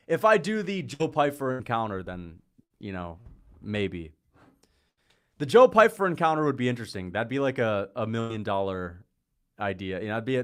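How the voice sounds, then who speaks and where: A man in a casual livestream, part chat and part fight commentary, with a voice sitting at an everyday middle pitch. He wanders through tangents and laughs through his sentences. He turns loud and excited at big moments. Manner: rambling, jumps between topics; laughs often mid-sentence. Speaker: livestream host.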